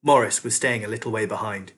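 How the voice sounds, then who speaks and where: A man reading a children's novel aloud as a teacher, expressive storyteller. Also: fairly low pitch, quick pace.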